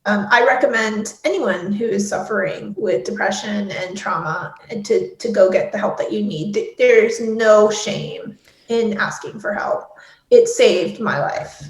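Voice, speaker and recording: A woman's voice: mid-range voice, a little slow. A woman in her forties speaking candidly and emotionally as an interview guest, with many filler words. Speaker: guest, head of production at an ad agency. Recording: roomy echo.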